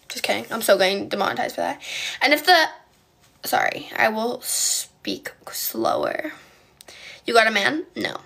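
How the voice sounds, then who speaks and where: Young polish-born woman on a live stream, higher voice, bouncy, kinda valley girl, trips over words. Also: vocal fry, a bit bright. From Poland. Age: young adult. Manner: stutters and restarts often. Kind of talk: casual live stream chat, answering comments.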